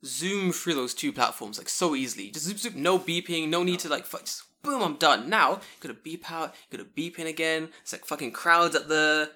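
A man telling stories in a casual podcast chat, animated and full of swearing. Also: on the high side, fairly quick, hardly any pauses. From English-speaking foreigner living in Japan.

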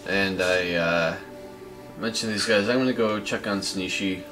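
A man playing in a tabletop game, speaking casually with halting restarts. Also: sits low, steady tone, music in the background. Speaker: player. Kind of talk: casual in-character play.

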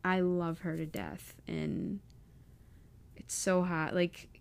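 A woman's voice: lowish voice, very animated, slow, gravelly. A young woman vlogging casually about leaving home, emotional and close to tears, with many fillers. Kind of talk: casual personal vlog.

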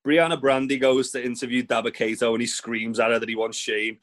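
Young bloke, blunt and sweary, just chatting through the week's matches. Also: male voice, mid-range voice, little pitch movement, fairly quick, fairly bright tone. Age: young adult. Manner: blunt, sweary, laid-back recapping. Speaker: podcast co-host. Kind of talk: casual chat, recapping wrestling.

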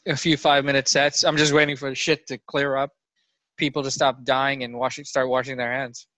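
A man's voice: medium pitch, flat delivery, brisk, sharp tone, no echo. A man who does stand-up comedy, telling an angry story in casual podcast banter.

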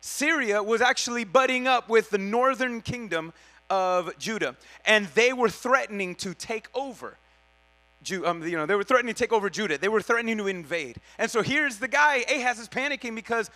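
Guy preaching real casual, high voice, slangy, keeps fixing his words midway. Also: fairly quick, pushed and bright. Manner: slangy, conversational, with self-corrections. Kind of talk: casual Bible teaching.

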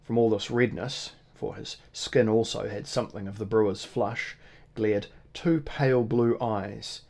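A man reading a first-person novel aloud in a measured, formal manner. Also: fairly low pitch, fairly even intonation, creaky, darkish tone. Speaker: audiobook narrator. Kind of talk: scripted first-person narration.

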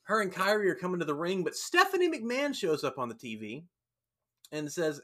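A man hosting a casual podcast chat, telling a story with energy and acting out the lines of the people in it. His voice sits a touch high for a man and has a bright, forceful edge. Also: a little fast. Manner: animated storyteller, acts out quotes. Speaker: podcast host recapping wrestling.

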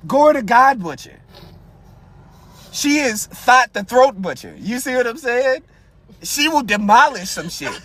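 A young man hosting a podcast, ranting in a crude, animated, comedic way and asking his listeners one rhetorical question after another. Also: extremely high pitch, a little slow, long pauses. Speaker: podcast host. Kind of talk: casual comedic rant. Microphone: podcast mic.

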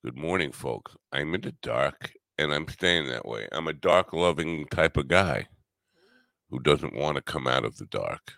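Tired New podcast host, bottom-of-the-range voice with gravel, dry close mic, loose sarcastic riffing. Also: male voice, a bass voice, lively intonation, measured pace, a bit bright, no echo. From New York. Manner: rambling, wisecracking, sarcastic. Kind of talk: casual solo podcast monologue.

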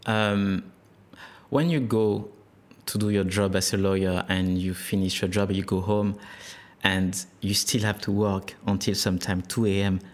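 A man from France with a French accent, a guest in a casual interview, speaking English haltingly as he searches for words. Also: sits low, little pitch movement. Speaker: guest, dance instructor.

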